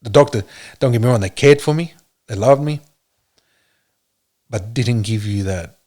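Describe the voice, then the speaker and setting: A man, a podcast guest, telling his story in an earnest, halting way with many fillers. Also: medium pitch, darkish tone. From Australia. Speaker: podcast guest, police officer. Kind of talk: casual interview talk.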